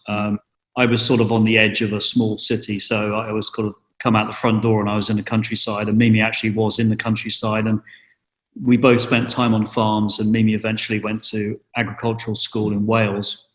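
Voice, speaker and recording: A man's voice: lowish voice, flat delivery, a little fast. A middle-aged man from England, giving an interview and talking hesitantly, with many fillers and restarts. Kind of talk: casual interview. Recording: roomy echo.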